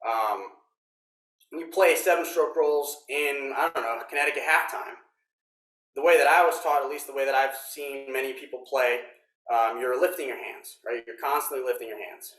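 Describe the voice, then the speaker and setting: Man, drum instructor, explanatory, mid pitch, roomy echo. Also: normal speed, recorded from a distance. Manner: explanatory, relaxed, frequent ums. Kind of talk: workshop teaching.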